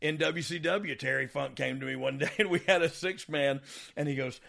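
A man with a gravelly, bright voice tells stories on his podcast in a loose, casual way. He laughs often, restarts his sentences and acts out what people said. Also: a little high, moderate pace. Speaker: podcast host, former wrestler. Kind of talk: casual storytelling chat.

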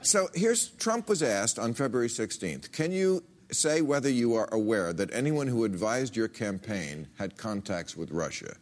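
A man hosting a talk show, grilling his guest with sarcastic, needling questions and frequent interruptions. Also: mid-range voice. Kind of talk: combative interview.

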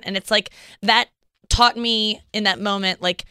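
A woman's voice: mid-range voice, steady tone, a little slow, bright, forceful tone, clean tone, no echo. A woman hosting a podcast, telling candid, rambling stories with many restarts. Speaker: podcast host. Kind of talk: casual chat.

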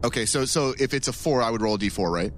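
A man's voice: mid-range voice, lively intonation, fast, slight background noise. A man player in a tabletop role-playing game who jokes and stammers, often speaking in character. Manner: joking, stammering.

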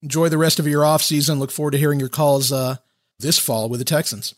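A man hosting a sports podcast, asking questions in a measured, conversational way. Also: on the high side, steady tone, no room sound. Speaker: podcast host. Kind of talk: podcast interview.

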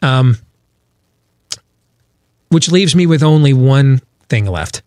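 A man's voice: medium pitch, animated, takes it slowly, a little mellow, no room sound, clean studio sound. A man hosting a political talk show, talking emphatically with rhetorical questions and frequent restarts.

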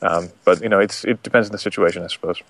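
A man talking calmly and thoughtfully in casual conversation, with frequent fillers. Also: deep voice, rapid-fire, no room sound. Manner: calm, reflective, many fillers.

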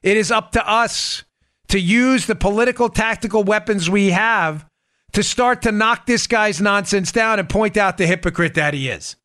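A man hosting a political podcast, delivering a sarcastic, animated commentary monologue. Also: moderate pace, dry recording, studio quality. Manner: animated, sarcastic, mimics people in high voices. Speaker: podcast host.

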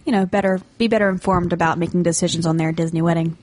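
A woman's voice: lowish voice, steady tone, fast talker, darkish tone, no room sound. A woman co-hosting a podcast, chatting casually about events and laughing easily. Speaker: podcast co-host. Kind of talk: casual chat.

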